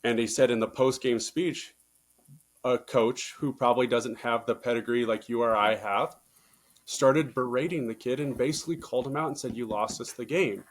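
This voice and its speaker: A man, a baseball coach, talking through coaching stories in a casual interview, getting louder and higher when he presses a point and swearing casually. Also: steady tone, normal speed. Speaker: baseball coach, podcast guest. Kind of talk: casual conversational storytelling.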